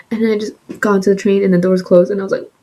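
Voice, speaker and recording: A young woman vlogger telling a casual story with animated, swearing delivery, sometimes slipping into a soft breath. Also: medium pitch, fairly quick, poor audio. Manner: animated, swears freely, acts out quotes.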